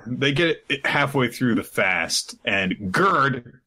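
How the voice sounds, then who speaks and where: A man's voice: medium pitch, expressive, takes it slowly, bright, forceful tone, breathy edge. A man co-hosting a podcast, recapping chapters in casual chat and acting out bits in put-on voices. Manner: retells scenes, putting on silly voices. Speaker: podcast co-host.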